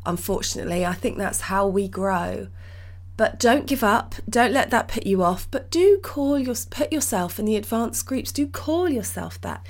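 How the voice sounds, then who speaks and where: A woman hosting her own podcast, talking alone in a reassuring, rambling way with restarts, her voice croaky. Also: medium pitch, expressive, moderate pace. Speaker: podcast host and medium teacher. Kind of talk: solo podcast talk.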